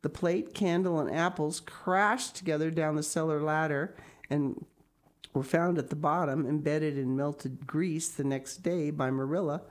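A woman narrating an audiobook in a calm, measured, descriptive way. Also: sits low.

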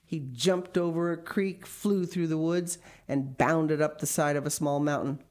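A woman reading a children's picture book aloud, with lively expression and small asides. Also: sits low, a little slow. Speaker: storyteller.

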